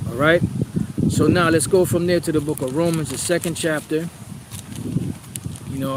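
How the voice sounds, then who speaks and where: A man with a slightly raised pitch preaches through scripture, reading verses and breaking them down emphatically. He leans on rhetorical questions and repeats key phrases. The recording is outdoors, with wind and steady background noise. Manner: reads scripture aloud, then explains with rhetorical questions. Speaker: Bible teacher. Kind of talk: preaching Bible study.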